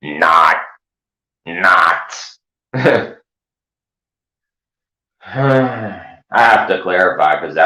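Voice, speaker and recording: A man's voice: low voice, takes it slowly, long pauses, pushed and bright, echoey room, low-quality recording. A man hosting his own channel, ranting in sarcastic, profane commentary. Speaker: channel host.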